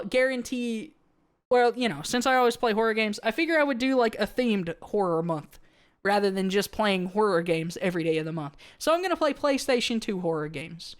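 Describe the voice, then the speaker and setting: A woman streamer chatting casually to her live audience, rambling with many fillers and restarts and answering viewer comments. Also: mid-range voice. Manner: reads viewer comments aloud and answers them.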